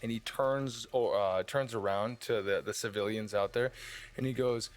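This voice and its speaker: A man's voice: fairly low pitch, normal speed. A man narrating a tabletop game as dungeon master, describing the scene with frequent fillers and restarts.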